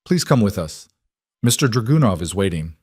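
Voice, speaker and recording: A man's voice: lowish voice, normal speed, breathy edge, no room sound, clean studio sound. A man voicing a tall, coldly courteous mob enforcer with a thick Eastern European accent and broken English. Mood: coldly polite. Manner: broken English, calm and menacing.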